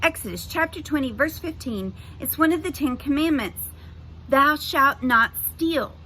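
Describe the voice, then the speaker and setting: A woman voicing an eager bookish boy, brisk and know-it-all. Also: high voice, animated, sharp tone, slight background noise, voice pushed up, exaggerated voice, rough recording.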